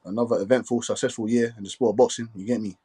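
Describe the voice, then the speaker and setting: A man hosting a casual live stream, talking quickly and filling his speech with "you get me". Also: mid-range voice, fairly even intonation, mellow, breathy edge. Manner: fast, repetitive filler "you get me".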